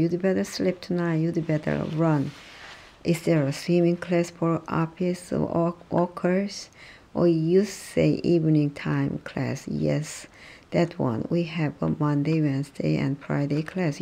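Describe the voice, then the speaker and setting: A speaker reading English practice dialogues aloud, halting and restarting often. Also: mid-range voice, vocal fry, mellow.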